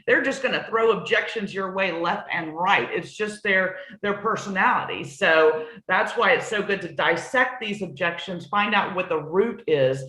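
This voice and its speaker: A woman's voice: mid-range voice, moderate pace, few pauses, pushed and bright. A middle-aged woman, a new home sales trainer, coaching in an earnest, emphatic conversational way and repeating points for stress. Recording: roomy echoey sound.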